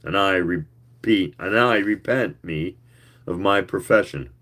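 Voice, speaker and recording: A man voicing a weary giant male alien scout who talks in slow, stiff, oddly accented formal speech. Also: low voice, fairly bright tone. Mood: dispassionate.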